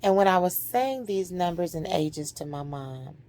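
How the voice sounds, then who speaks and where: A middle-aged woman telling an emotional personal story in a slow, dramatic way, sometimes dropping to a hush. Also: fairly low pitch, lively intonation. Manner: slow, dramatic, drops to a hushed near-whisper at emotional points.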